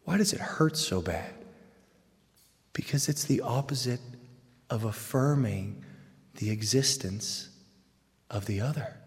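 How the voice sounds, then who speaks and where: Male Catholic speaker, mid-pitched, animated and jokey, loud bursts, big hall reverb. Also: slow pace, pauses often. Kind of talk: humorous faith talk to a live audience. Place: large hall with audience.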